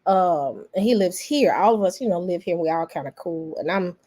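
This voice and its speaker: A woman's voice: on the low side, expressive, moderate pace, mellow. An American woman giving an earnest opinion monologue, repeating her points for emphasis in casual, folksy slang. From United States. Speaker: vlogger.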